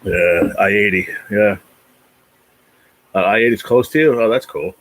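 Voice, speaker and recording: A man's voice: lowish voice, normal speed, fairly bright tone, no echo, poor audio. A man in his forties from New Jersey, hosting a rambling, profane livestream chat with viewers. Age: 40s. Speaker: livestream host. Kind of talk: casual chat reading viewer comments.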